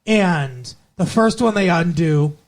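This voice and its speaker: A man's voice: on the high side, animated, slow pace. A man co-hosting a podcast, recapping an episode in a rambling, casual way with many fillers. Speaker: podcast co-host.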